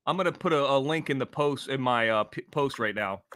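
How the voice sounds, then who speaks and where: A middle-aged man who is a guest on a casual livestream chat, speaking haltingly with many stops and restarts. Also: mid-range voice, a bit bright, slight background noise. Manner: halting, hesitant, lots of restarts. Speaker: guest, former wrestler.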